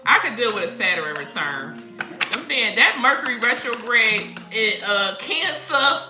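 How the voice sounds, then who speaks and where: Telling stories and laughing often, this spiritual livestream host chats in a casual, animated way. Her voice is fairly high and a little slow, and the room echoes with faint background music.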